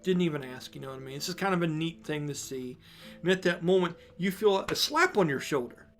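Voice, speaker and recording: A man's voice: a little high, animated, a little fast, fairly bright tone, soft background music. A man narrating as dungeon master in a casual, chatty way, laughing easily. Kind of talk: narrating a tabletop game.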